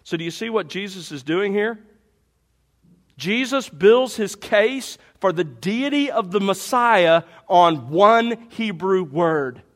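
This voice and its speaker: A man's voice: sits high, expressive, unhurried. A man preaching an expository sermon, reading scripture aloud and pressing the congregation with rhetorical questions. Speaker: pastor.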